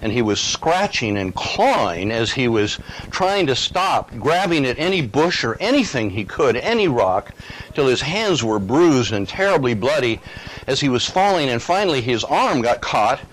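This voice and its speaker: Older man, pastor, earnest conversational sermon, mid pitch. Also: sing-song, moderate pace, a bit bright, rough recording. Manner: conversational, earnest, with rhetorical questions. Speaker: preacher.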